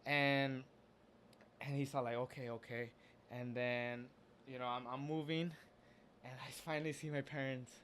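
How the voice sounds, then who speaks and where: A man's voice: medium pitch, level tone, a bit bright, slight background noise. A man casually telling a story about something he went through, earnest and open, often stopping to restart his sentences. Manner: halting, with frequent restarts and fillers. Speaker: storyteller recounting a personal experience.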